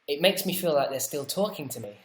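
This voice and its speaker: A British man hosting a casual livestream, reading viewer comments out loud and answering them with chatty, wry, self-deprecating asides. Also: a little high, animated, quick pace, roomy sound. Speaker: livestream host.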